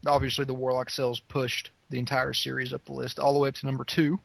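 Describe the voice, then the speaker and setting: A man's voice: mid-range voice, fast, creaky, no echo. Laughing male podcast co-host, dry sound. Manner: relaxed, laughs often. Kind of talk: casual chat.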